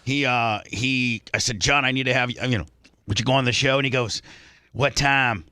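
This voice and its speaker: A talk-radio host rambles through a story, stopping and restarting often. His voice is bright and forward. The sound is dry and close. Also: medium pitch, fairly even intonation, quick pace, clean tone, no echo.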